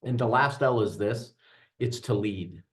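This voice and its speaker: A man's voice: mid-range voice, measured pace. A middle-aged man, a veteran, giving an interactive workshop talk to an audience, earnest and mixing in jokey stories. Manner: earnest, joking storyteller addressing audience. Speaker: veteran trainer.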